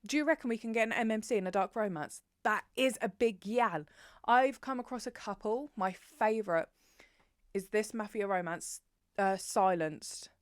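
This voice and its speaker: Sweary, animated woman chatting books. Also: mid-range voice, normal speed, no echo, studio quality. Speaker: book vlogger. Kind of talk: casual chat to camera.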